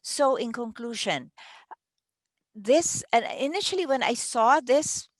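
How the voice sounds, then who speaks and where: The speaker is a woman leading judges through a contest ballot in a training session. Her voice sits on the high side and is expressive, with a slow pace, restarts and an odd little laugh in her conversational delivery. The recording is dry.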